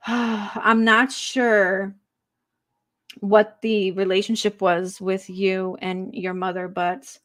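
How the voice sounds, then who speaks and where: A woman leads a live spirit reading as a psychic medium. Her voice is gentle and emotive, at an ordinary pitch for a woman. She often stops for soft fillers as she passes on messages. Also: little pitch movement, very slow.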